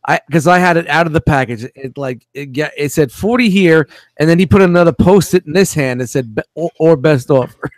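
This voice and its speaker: Man, slightly high voice, dry close sound, rowdy podcast banter, swears a lot. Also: a little fast, few pauses, no echo. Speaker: podcast co-host, toy vendor. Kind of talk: casual chat, storytelling.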